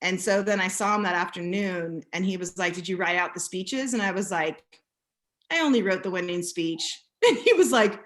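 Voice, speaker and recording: A woman chatting casually and telling lively stories, acting out what people said. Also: medium pitch, brisk. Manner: animated storyteller acting out quotes. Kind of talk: casual chat.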